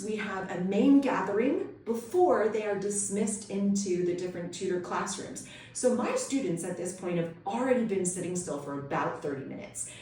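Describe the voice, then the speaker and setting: A woman's voice: medium pitch, a little mellow. Upbeat woman tutor, instructional video, very echoey room, mic at a distance. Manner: upbeat, enthusiastic explaining. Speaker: homeschool co-op tutor.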